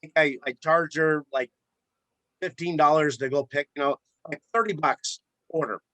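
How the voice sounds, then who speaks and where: A man with a bright, forceful voice pitched a little high tells a story about his flower shop. He repeats words as he gets going, animated and chatty. The sound is close and dry. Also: normal speed, no room sound. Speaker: florist and shop owner. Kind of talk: casual storytelling in a podcast interview.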